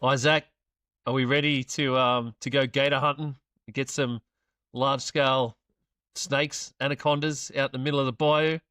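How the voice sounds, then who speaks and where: A man's voice: mid-range voice, little pitch movement, normal speed, pushed and bright, no echo. An Australian man hosting a casual sports show, upbeat and playfully teasing his co-hosts. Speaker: podcast host.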